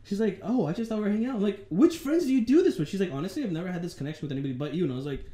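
A man's voice: high voice, rapid-fire, dark tone. A young man, a podcast co-host, telling a story casually and animatedly, acting out the dialogue and swearing freely.

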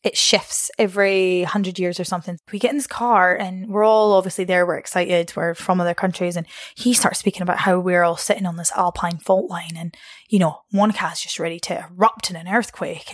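A woman's voice: fairly even intonation, moderate pace, dry recording. Young woman, chatty storytelling, laughs often, dry close sound. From Scotland. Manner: chatty, laughs often, acts out quotes with a jump in pitch. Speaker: guest. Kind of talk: casual storytelling interview.

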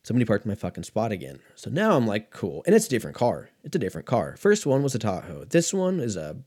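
A man from California with a slightly low voice tells a long story in a loose, profane, rambling way. He drifts onto tangents and then pulls himself back on track. It sounds like an unscripted chat with his regular listeners. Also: huge pitch swings, fast, darkish tone. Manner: profane, rambling, easily sidetracked. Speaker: host. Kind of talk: casual storytelling monologue.

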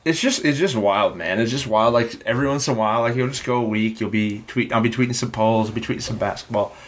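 A man's voice: mid-range voice, fast talker, a little hiss or hum. A Canadian man co-hosting a casual sports podcast, telling rambling, wry stories full of "like". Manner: wry, rambling storyteller with filler likes. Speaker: podcast co-host.

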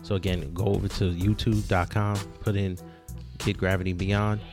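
A man's voice: low-pitched, flat delivery, moderate pace, music in the background. A man hosting a podcast, brash and joking, with slangy casual banter. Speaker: podcast host.

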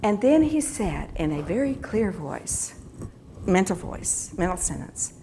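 A woman's voice: medium pitch, sing-song, a little slow, dark tone, a little hiss or hum. A woman giving a sermon, telling a personal story in an earnest, reflective way. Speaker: teacher giving a devotional talk.

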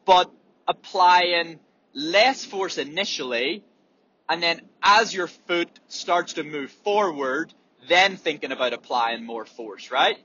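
Bright-voiced man, candid and sweary. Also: on the high side, expressive, slow pace, muffled recording, a little hiss or hum. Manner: candid, swears freely, demonstrates breathing sounds. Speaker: runner. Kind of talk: casual monologue.

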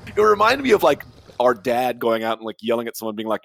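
A man co-hosting a podcast, talking excitedly about a film scene. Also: medium pitch, fast, creaky, no echo. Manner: excitable, animated. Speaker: podcast co-host. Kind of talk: casual film discussion.

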